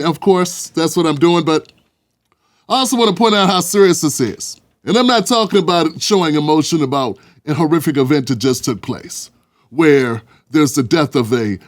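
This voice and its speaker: Mocking man hosting commentary. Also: a little high. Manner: mocking, laughing, rambling asides. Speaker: commentary show host. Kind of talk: casual political commentary.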